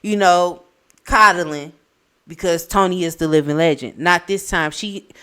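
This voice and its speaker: A woman co-hosting a casual reality TV recap podcast, speaking in with a blunt, opinionated, animated manner. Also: lowish voice, unhurried, smooth. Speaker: podcast co-host.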